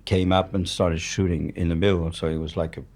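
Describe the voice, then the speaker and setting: Older french guy, really low voice, french accent, blunt storyteller, swears a lot. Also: flat delivery, a little fast, gravelly, darkish tone. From France. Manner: blunt, matter-of-fact, swears freely. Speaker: guest, war journalist. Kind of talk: candid storytelling in conversation.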